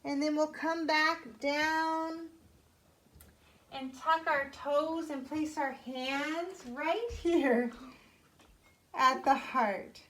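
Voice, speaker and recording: Woman, high voice, children's yoga teacher, gentle, encouraging, step-by-step guidance. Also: steady tone, very slow. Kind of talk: guided kids' yoga class.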